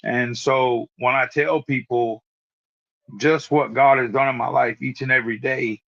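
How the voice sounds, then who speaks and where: A man's voice: medium pitch, steady tone, unhurried, vocal fry, a bit bright, lo-fi sound. A man in his forties telling his recovery testimony as a guest, earnest and repeating words as he restarts his sentences. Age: 40s. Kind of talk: personal testimony storytelling. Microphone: remote live-stream call.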